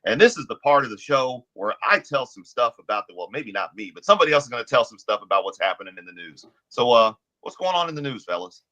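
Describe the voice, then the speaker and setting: A man's voice: mid-range voice, very animated, quick pace, few pauses, sharp tone, highs cut off. A man delivering a mock-pompous show introduction as a TV newsman.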